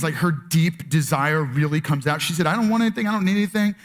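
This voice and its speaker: A man preaching a sermon as pastor, earnest and conversational, with frequent fillers and restarts. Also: sits high. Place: church with multiple campuses and online stream.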